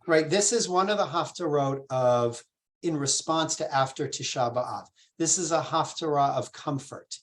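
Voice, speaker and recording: Rabbi leading a relaxed Torah class. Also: medium pitch, moderate pace. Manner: explains patiently, asks the group questions; informal, with fillers and restarts. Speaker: rabbi teaching a text study.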